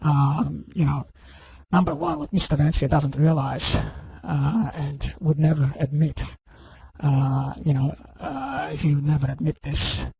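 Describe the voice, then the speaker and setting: Husky man in a halting rant. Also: a little high, expressive, a little mellow, no room sound, rough recording. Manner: halting, heavy on fillers and restarts; accusing and indignant. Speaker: online video commentator. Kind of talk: unscripted accusatory monologue.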